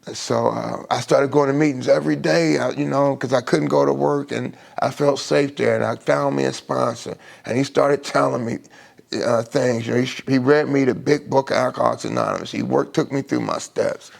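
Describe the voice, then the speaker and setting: A middle-aged man sharing his recovery story in an emotional personal testimony on a live stream, halting often and restarting his sentences. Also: mid-range voice, fairly even intonation, gravelly. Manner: halting, with many restarts and fillers.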